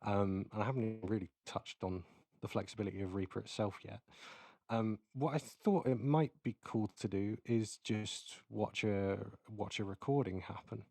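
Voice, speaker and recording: Man presenter, low voice, dry close sound, casual explaining with ums. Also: normal speed, warm tone, no room sound. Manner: casual, explanatory, many fillers. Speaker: keynote presenter. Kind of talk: live software demonstration. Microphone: close mic into recording software.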